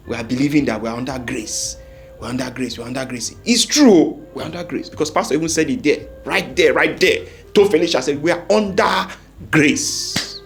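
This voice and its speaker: A man telling a comic church story with a sermon message, laughing often and acting out quoted voices. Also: a little high.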